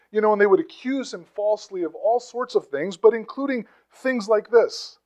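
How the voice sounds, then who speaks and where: The high-voiced pastor preaches a teaching sermon in a conversational style, punctuated by asides, rhetorical questions and forceful emphasis on key phrases, recorded with dull audio.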